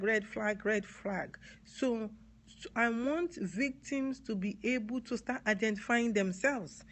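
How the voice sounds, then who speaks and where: A woman from Nigeria with a Nigerian accent, talking earnestly on a live stream, repeating key words and spelling some out. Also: medium pitch. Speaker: advocate live-streaming to viewers. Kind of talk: live-stream talk answering comments.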